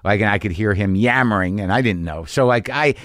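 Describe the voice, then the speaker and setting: A man's voice: on the low side, brisk, a bit bright, dry recording, clean studio sound. A man hosting a podcast, telling a story in a casual, profane, worked-up monologue. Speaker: podcast host.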